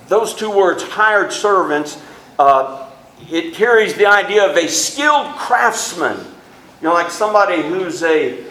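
A man preaching a sermon with a high voice. His pitch leaps upward when he stresses a point. The sound comes from a church sanctuary with an echo that rings through the room. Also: fairly bright tone. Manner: preaching with sudden rises in pitch and emphasis.

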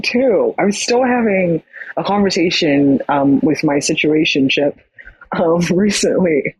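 A young adult podcast guest telling a personal story in casual, animated talk full of "like". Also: mid-range voice, a little slow, breathy edge, no echo, poor audio. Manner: animated, many fillers like "like".

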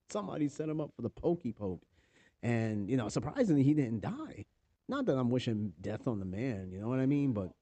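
A man's voice: medium pitch, warm tone, dry recording. Profane New York man reading the news. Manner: profane, offhand, reads articles aloud with asides. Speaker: podcast host. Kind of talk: casual news commentary.

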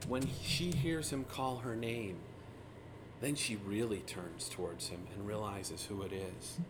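A man teaching through a Bible passage in a relaxed, conversational way, retelling the scenes with lively asides. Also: on the low side, measured pace, noisy background. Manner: casual, animated retelling of scripture scenes.

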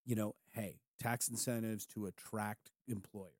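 A man co-hosting a casual political talk show, joking and getting animated, his voice jumping up on emphatic points. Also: measured pace, no room sound, clean studio sound. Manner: animated and jokey, rising in pitch on emphatic points. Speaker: podcast co-host, campaign worker.

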